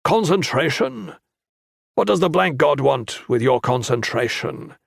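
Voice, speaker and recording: A male narrator voicing a stern, cryptic older monk who lectures his pupil through slow, probing questions. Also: mid-range voice, expressive, gravelly, no echo, clean studio sound. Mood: stern lecturing.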